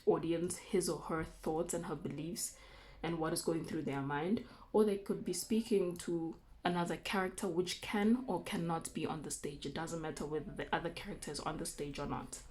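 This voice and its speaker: A woman teacher giving a recorded remote lesson, explaining terms slowly with frequent okays and ums. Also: deep voice, fairly even intonation, darkish tone, slight background noise. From South Africa.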